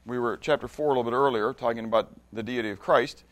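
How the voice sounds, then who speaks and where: A man's voice: medium pitch, quick pace. A man leading an interactive Bible class. He reads scripture aloud with emphasis, often restarts or repeats words, and keeps checking that his listeners follow. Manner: conversational, stops often to check understanding. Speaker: Bible study teacher.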